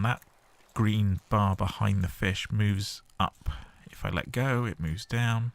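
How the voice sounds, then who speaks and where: A man's voice: lowish voice, fairly even intonation, slow pace, vocal fry, few pauses. A man hosting a game playthrough, chatting casually and explaining the controls step by step. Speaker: gaming host.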